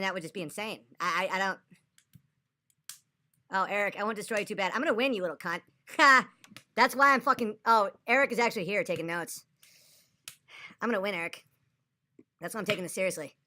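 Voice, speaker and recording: Tipsy lady streamer ranting, cussing a lot, bright edgy voice. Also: mid-range voice. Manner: profane, agitated, argumentative. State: tipsy after a few drinks. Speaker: livestreamer. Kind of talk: livestream rant.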